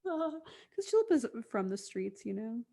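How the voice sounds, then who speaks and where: A woman's voice: fairly high pitch, big pitch swings, measured pace, gravelly, warm tone. A woman co-hosting a podcast in casual chat, giggly and playful. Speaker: podcast co-host.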